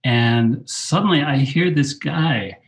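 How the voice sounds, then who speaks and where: An older man spinning anecdotes with animated energy. His pitch sits in a middle range for a man, and he jumps higher when he quotes himself. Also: slow. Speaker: guest, film director and teacher. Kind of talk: storytelling interview.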